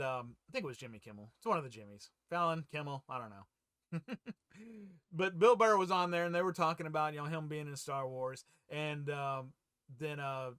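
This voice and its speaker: Male host, bright and a touch high, dry close sound; casual, rambling headline reader. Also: no echo. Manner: rambling, loose, with frequent fillers and chuckles. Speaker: host of a fan news channel. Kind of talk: casual headline read-through.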